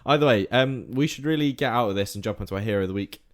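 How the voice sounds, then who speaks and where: A man's voice: medium pitch, very fast. A man co-hosting a casual podcast, telling a story in a rambling way and correcting his own slips. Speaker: podcast co-host.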